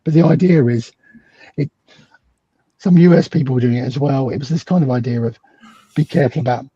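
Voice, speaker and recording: A slightly fast, husky, dark-toned male voice belongs to a middle-aged British guest psychologist telling an animated story in conversation. He acts out the dialogue he quotes with big pitch swings, and the recording is muffled with no room sound.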